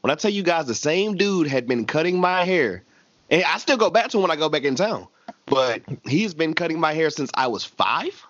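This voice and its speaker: Podcast co-host, male, 20s, animated and slangy, dry lo-fi recording. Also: a little high, moderate pace. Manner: animated, slangy, laughs often. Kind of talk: casual chat recapping a TV episode.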